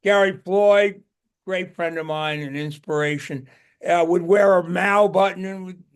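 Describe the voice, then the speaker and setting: High-voiced older man telling rambling stories. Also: steady tone, a little slow, smooth. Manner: rambling, repeats and restarts words. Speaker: guest musician. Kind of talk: casual interview storytelling.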